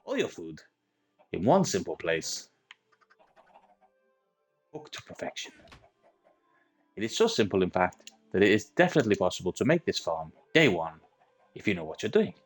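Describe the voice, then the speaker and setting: A man narrates a game tutorial, laying out each part in methodical order. His voice sits on the low side yet swings widely in pitch, and his put-on accent drifts as he goes. Soft music plays faintly behind him. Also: huge pitch swings, normal speed, pauses often, breathy edge. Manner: methodical step-by-step explaining; self-admittedly wandering put-on accent. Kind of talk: tutorial voice-over.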